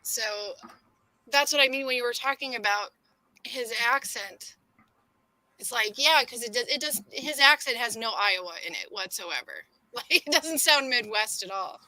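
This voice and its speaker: A woman co-hosts a casual podcast chat in a sharp, piercing voice pitched a little high. She explains her points with fillers and repeated words. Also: animated, normal speed, no room sound, poor audio. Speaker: podcast co-host.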